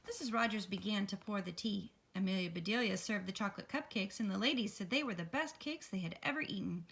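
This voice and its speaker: A woman reading a children's picture book aloud, expressive and lively. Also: mid-range voice, fast talker, vocal fry, breathy edge. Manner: expressive, lively character voices. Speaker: read-aloud storyteller.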